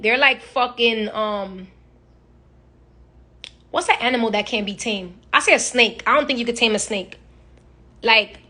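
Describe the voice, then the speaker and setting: A woman's voice: a little high, bright, forceful tone. A young woman chatting casually and animatedly on a phone live stream, telling profane stories and imitating other people. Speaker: social media personality.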